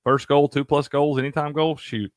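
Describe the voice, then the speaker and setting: A man's voice: fairly high pitch, normal speed, dry recording. A man co-hosting a casual sports betting chat, cursing freely and laughing often. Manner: profane, animated, laughs a lot. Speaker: sports betting show co-host.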